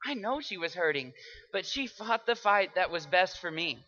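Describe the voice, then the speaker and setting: A young man delivers a memorized persuasive speech, his voice high-pitched and bright. He moves between hushed, quiet passages and loud, dramatic ones. The recording sounds dull and lo-fi. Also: lively intonation, normal speed. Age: young adult.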